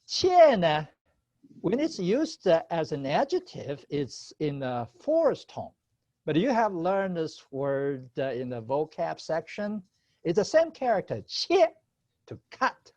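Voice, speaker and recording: A man's voice: a little high, sing-song, slow, darkish tone, no room sound. A male teacher running an online class, patient, switching between Chinese and English and laughing often. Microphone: video call. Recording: slightly dull video call audio.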